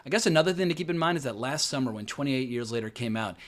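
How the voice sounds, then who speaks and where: A man giving casual box office commentary on films, animated and conversational, with frequent swearing. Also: medium pitch, fast. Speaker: film commentator.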